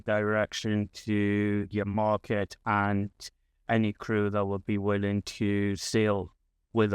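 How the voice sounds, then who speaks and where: Brief: polite male tabletop player as captain, slow and flat, dry close sound. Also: on the low side, clear, resonant tone, no room sound. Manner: measured, polite. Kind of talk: playing a ship captain in a tabletop game.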